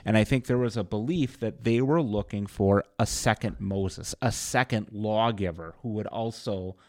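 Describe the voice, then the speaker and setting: A pastor co-hosting a casual Bible study discussion, explaining passages in a teacherly way. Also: male voice, fairly low pitch, normal speed, dry recording, studio quality. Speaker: pastor co-host.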